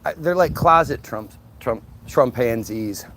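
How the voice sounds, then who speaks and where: A man's voice: mid-range voice, expressive, unhurried, a bit bright, a little hiss or hum. A man hosting a solo livestream, talking in a combative, sarcastic way to a rival and his viewers. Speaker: livestream host.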